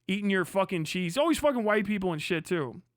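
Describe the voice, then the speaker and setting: A man's voice: high voice, expressive, a little fast, dry recording, clean studio sound. A young man from Kentucky, ranting crudely and mockingly on a livestream, often breaking into laughter. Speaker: streamer. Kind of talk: profane political rant on a livestream.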